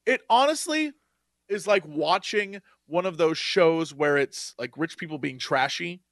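A man with a high voice co-hosts a casual podcast chat and complains emphatically. His pitch swings widely, and the sound is dry and close. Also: expressive, measured pace, a bit bright, dry recording. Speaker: podcast co-host.

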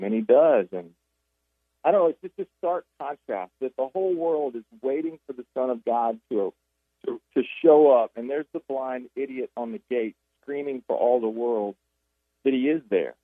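A man's voice: medium pitch, normal speed, dry recording. Man telling Bible stories over a phone line. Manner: animated storytelling with many restarts. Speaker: author and guest. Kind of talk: radio interview, retelling Bible stories. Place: Jacksonville.

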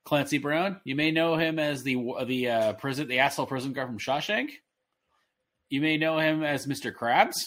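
A man in his thirties co-hosting a podcast, rambling excitedly with many restarts. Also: a little high, moderate pace. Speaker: podcast co-host. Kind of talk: casual chat.

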